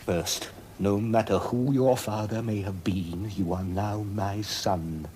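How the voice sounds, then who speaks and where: An actor playing an aging Roman emperor, an anxious father who speaks in a measured, earnest way. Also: fairly low pitch, fairly even intonation, a little mellow, a little hiss or hum. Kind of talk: television period drama acting.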